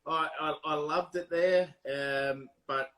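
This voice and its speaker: A man's voice: a little high, steady tone, takes it slowly, crowd noise. An Australian man, a tattoo artist, telling stories in a casual interview, acting out quotes and swearing freely.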